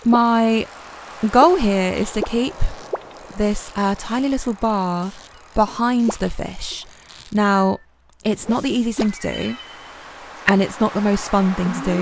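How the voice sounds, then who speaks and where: A woman's voice: medium pitch, gravelly, noisy background. A woman giving chatty, self-deprecating commentary over her gameplay, with plenty of ums. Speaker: gaming channel host. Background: soft game music.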